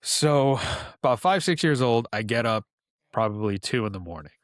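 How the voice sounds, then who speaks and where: A man in his thirties from New York, a podcast guest telling personal stories in a relaxed, conversational way with asides. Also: medium pitch, moderate pace, no room sound. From New York, USA. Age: 30s. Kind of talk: casual storytelling.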